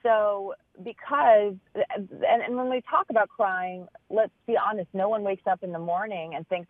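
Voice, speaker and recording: A woman's voice: mid-range voice, a little slow, hardly any pauses, dry recording. A woman author and business owner giving earnest, thoughtful answers in an interview, often restarting her phrases as she searches for the words. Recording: tinny phone line.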